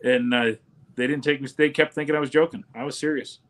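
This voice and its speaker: A man's voice: mid-range voice, steady tone, fairly bright tone. A man chatting casually on a live stream, telling stories and talking cars. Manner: fast storyteller, car talk.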